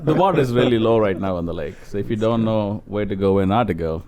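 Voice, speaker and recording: A man, telling a story in a relaxed, chuckling way in casual podcast chat. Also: lowish voice, quick pace.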